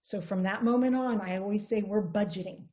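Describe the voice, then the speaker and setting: A woman's voice: mid-range voice, brisk, mellow. A woman giving an earnest motivational training talk to a sales team, coaching and repeating herself as she goes. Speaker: network marketing trainer.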